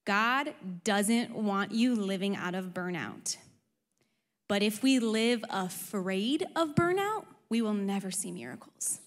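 A young adult woman pastor preaching a sermon, conversational and animated, with frequent rhetorical questions. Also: mid-range voice, slow pace. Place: church auditorium. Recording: long reverb of a large hall.

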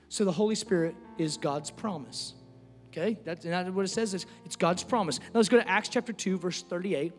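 A man with a high voice preaches to his congregation, leaning on casual fillers and jokes. He jumps from shouted highs to quiet, near-whispered asides. The sound rings with the long reverb of a church hall, with soft music underneath. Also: a little fast. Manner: animated, jokey, uses casual filler. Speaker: pastor. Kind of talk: sermon.

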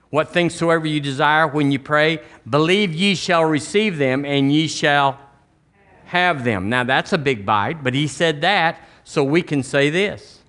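A man's voice: fairly high pitch, sharp tone. Southern man preaching an emphatic sermon. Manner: emphatic preaching with folksy asides and acted-out quotes. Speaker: pastor.

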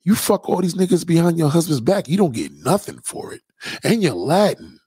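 A man's voice: a little high, very animated, moderate pace, dark tone, slightly rough, no room sound, clean studio sound. A man hosting a blunt, profane ranting monologue to his viewers. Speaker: host.

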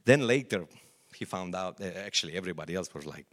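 A middle-aged man, a pastor, preaching a sermon with lively storytelling and acted-out quotes. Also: sits low, fast.

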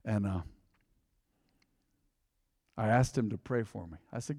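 In a church sanctuary, a pastor preaches a sermon in a loose, conversational, joking way, calling on the congregation to answer back. His voice is on the low side, unhurried and dark in tone. The sound is clean studio audio with no room sound, yet has a long reverb tail.

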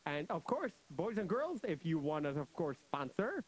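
Young man, high voice, children's radio host, playful, laughs often, animated storyteller. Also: normal speed, husky, rough recording.

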